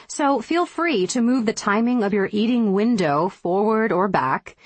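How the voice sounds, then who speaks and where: A woman's voice: mid-range voice, no room sound. Emphatic woman reading her diet book. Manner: emphatic, motivational, firm. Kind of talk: scripted audiobook narration.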